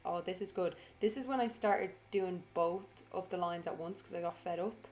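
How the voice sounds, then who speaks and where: Chatty, tired woman with a lowish voice. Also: moderate pace, a little mellow, soft background music. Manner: rambling, chatty, swears freely and teases herself. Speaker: crafter narrating her video. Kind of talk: casual voiceover chat.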